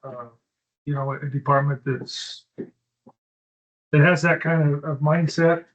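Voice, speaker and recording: A man's voice: fairly high pitch, fairly even intonation, slow pace, lo-fi sound. A man giving a county supervisor's report at a board meeting, blunt and exasperated in his complaints.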